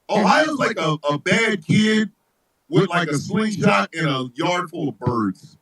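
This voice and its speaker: A male host delivers a comedic live rant, profane and often shouting. His voice is high and a little husky. It jumps up and down constantly as he riffs. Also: lively intonation, a little slow, rough recording.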